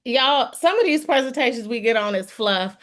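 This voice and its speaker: A woman's voice: a little high, animated, moderate pace, a bit bright. A middle-aged woman on an online group call, giving a heartfelt testimonial in an earnest, folksy way and calling listeners "y'all.". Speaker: guest speaker giving a testimonial.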